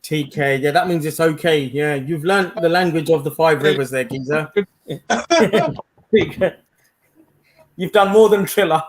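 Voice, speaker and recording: A man's voice: on the high side, unhurried, long pauses, rough recording. Laid-back man on a live panel. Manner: laid-back, laughs often, mixes in Punjabi. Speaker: panel participant. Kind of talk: heated live panel chat.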